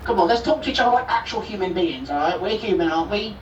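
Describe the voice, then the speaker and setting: A man talking earnestly and persuasively in a game voice chat, urging calm. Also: sits high, quick pace, soft background music. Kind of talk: pleading talk in game voice chat. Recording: roomy, distant, dull in-game voice chat capture.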